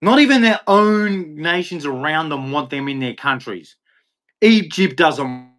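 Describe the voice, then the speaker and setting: Aussie guy ranting on his livestream, taunting chat, combative, bit high voice. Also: animated, a little slow, fairly bright tone. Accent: Australian. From Australia. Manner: combative, taunting, lots of "dude". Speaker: livestream host. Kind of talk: live-streamed rant answering chat.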